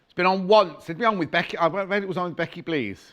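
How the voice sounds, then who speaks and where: A man's voice: sits high, quick pace, fairly bright tone. A middle-aged man presenting fabrics on a live home-shopping channel, chatty and gushing with jokey asides.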